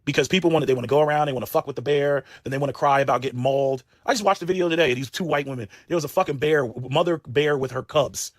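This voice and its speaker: A man rants fast in heated commentary, tripping over repeated words and swearing freely. His voice sits a little high and rises sharply when he is incredulous. The sound is dry and close. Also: dry recording. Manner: profane, repeats and stumbles, rising to shouts of disbelief. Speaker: host.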